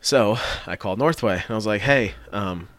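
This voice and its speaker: A man with a lowish voice recounts a run-in in loose, profane talk. He slips into other people's voices as he tells it, his pitch jumping up and down. The sound is dry and close. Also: moderate pace, no echo. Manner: animated storytelling, swearing, acting out quoted voices. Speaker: body shop worker telling a story. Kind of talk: casual podcast chat.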